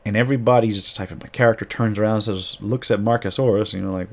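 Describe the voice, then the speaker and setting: Rambling low-voiced male storyteller. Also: fairly even intonation, fast talker. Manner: rambling with frequent restarts. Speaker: game master. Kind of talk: casual storytelling about a tabletop game.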